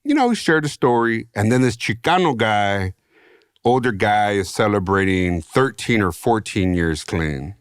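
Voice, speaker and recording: Deep-voiced man telling his story. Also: unhurried, smooth, no room sound, clean studio sound. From San Diego, US. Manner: animated, slangy, swears freely. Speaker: podcast guest, author. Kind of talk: casual storytelling.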